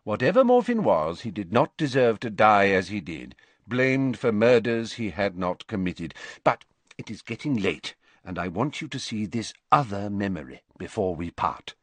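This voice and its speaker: A man voicing a calm old male wizard headmaster in an audiobook reading, speaking in a measured, patiently explaining way. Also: on the low side, dry recording.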